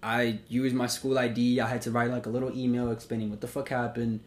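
A young man, hosting a podcast and telling a story in a profane, animated way with acted-out quotes. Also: medium pitch, fast. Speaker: podcast host. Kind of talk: casual storytelling.

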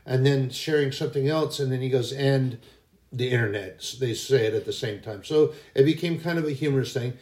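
A man's voice: mid-range voice, quick pace, hardly any pauses, darkish tone, reverberant. A man hosting a casual faith podcast, telling anecdotes in a rambling way that often corrects itself. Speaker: podcast host.

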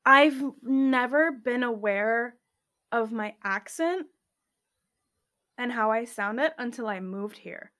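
A young woman co-hosting a podcast, talking in an animated, blunt way and swearing when annoyed. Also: a little high, slow pace. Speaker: podcast co-host. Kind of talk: casual chat.

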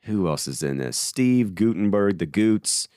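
Male podcast host, playful and bantering, lower voice, dry close recording. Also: expressive, unhurried, darkish tone, clean tone, dry recording. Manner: playful, role-plays a studio mogul. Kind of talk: casual chat about films.

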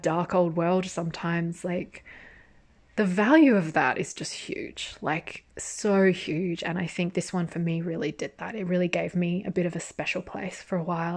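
Fired-up woman ranting about a drama. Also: on the low side. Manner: animated, swears freely, rants then laughs. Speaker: drama reviewer. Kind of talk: casual spoken review.

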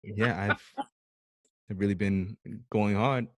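A man hosting a casual podcast chat, joking and profane with a deadpan edge. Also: on the low side, slow pace, dry recording. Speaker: podcast host.

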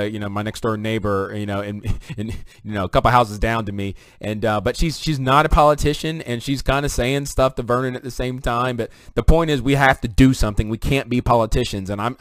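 Fast-talking male commentator, dry sound. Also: medium pitch, no room sound. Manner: rapid, conversational, addresses viewers directly. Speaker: online commentator. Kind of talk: political commentary vlog.

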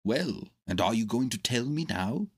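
Kind fretful doctor, husky, lively exclaiming voice, man reading it, storybook. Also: medium pitch, normal speed. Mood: impatient. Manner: gentle, exclaiming. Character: kindly, fretful old country doctor.

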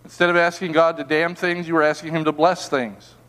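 Animated preaching man in a reverberant hall. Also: a little high, brisk, clear, resonant tone. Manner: animated preaching, rhetorical questions, drops to soft emphatic repetitions. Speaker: pastor. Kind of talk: sermon. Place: church sanctuary.

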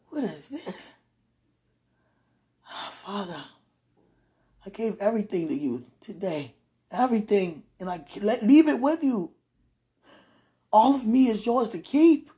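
A woman lying in bed, praying aloud in a moaning, pleading way, drifting between hushed whispers and loud protests. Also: mid-range voice, expressive, measured pace. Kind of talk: emotional spoken prayer monologue.

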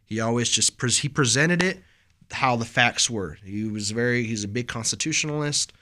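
Bright-voiced young man, rambling. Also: mid-range voice, normal speed. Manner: rambling storyteller, lots of "like" and "bro". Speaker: podcast co-host. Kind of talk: casual podcast chat.

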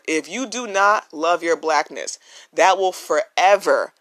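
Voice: mid-range voice, animated, a little slow, fairly bright tone. A podcast host talking earnestly and emphatically in a casual solo monologue, recorded on a phone with no microphone. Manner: earnest and emphatic, repeats key phrases.

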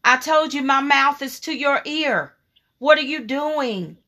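Fervent woman preacher, slow and bright. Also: sits high. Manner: emphatic, fervent preaching with repeated phrases; reads scripture in a slow, measured cadence. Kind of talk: sermon.

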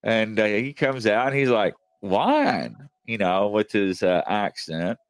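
A man's voice: fairly low pitch, moderate pace, clean tone, dry recording. A man hosting a show and telling a long, chatty story, with many fillers along the way. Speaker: host. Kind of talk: casual storytelling.

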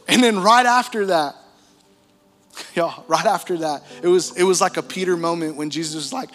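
Young male pastor, bright forceful voice, casual slangy storytelling, live church hall reverb. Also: fairly high pitch, moderate pace, soft background music. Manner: animated storytelling, casual slang, laughs often. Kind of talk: sermon testimony.

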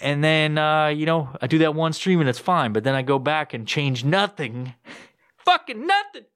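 A man's voice: moderate pace, clean tone, no echo, studio quality. A young man hosting his own podcast, ranting casually with constant swearing and rambling restarts, recorded on a home podcast mic. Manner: jumps into high excited voice when quoting himself. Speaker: podcast host. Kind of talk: casual solo podcast rant. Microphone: podcast microphone with headphones.

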